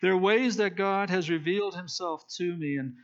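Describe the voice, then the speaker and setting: In a dull lo-fi recording, a high-voiced man speaking at a moderate pace teaches a Bible study. His conversational sermon retells a scripture story, explaining casually, with fillers and restarts.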